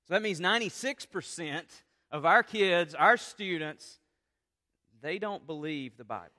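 A man preaching a sermon with passion, going from quiet talk to loud appeals. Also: high voice, expressive, measured pace, long reverb tail. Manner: impassioned, rises from quiet to loud. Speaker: pastor.

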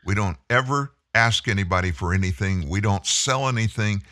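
A male talk show host with a fairly low voice and a forceful, bright delivery. He talks emphatically and challenges his listeners directly. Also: moderate pace.

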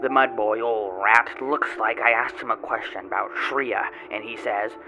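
A man's voice: lowish voice, fairly even intonation, a little slow, close to an everyday voice, rough recording. A man playing a boastful, grubby male tomato grower, telling his tale in a rambling folksy way with odd grammar, in a first-person character monologue. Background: music.

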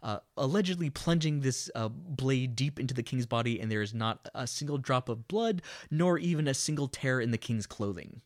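A man's voice: mid-range voice, animated, normal speed, hardly any pauses. Sardonic profane man recapping a movie. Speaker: podcast co-host. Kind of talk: casual movie review chat.

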